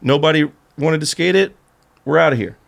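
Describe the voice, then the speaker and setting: A man's voice: a little high, fairly quick, creaky. A man telling a story on a podcast, acting out the voices and laughing as he goes. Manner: animated storyteller, acts out voices, laughs through. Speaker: podcast guest, skateboarder. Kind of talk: casual storytelling chat.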